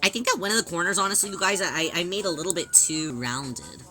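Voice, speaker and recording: A woman chatting casually on a livestream as she sews, playful and giggly, answering chat and whining in drawn-out yelps. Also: on the low side, pushed and bright, soft background music. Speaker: streamer.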